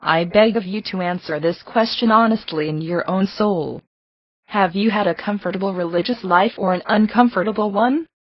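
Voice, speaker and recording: Woman, low husky voice, earnest devotional reading, dry dull lo-fi recording. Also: dry recording. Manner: earnest, pleading, steady. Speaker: reader of a devotional text. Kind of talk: read devotional address.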